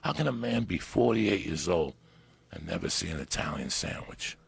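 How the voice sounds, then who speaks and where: New man, storyteller, very low gravelly voice, rough and husky, profane and animated. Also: moderate pace. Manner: animated, profane storytelling with bursts of loud emphasis. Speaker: podcast guest. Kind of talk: storytelling in casual chat.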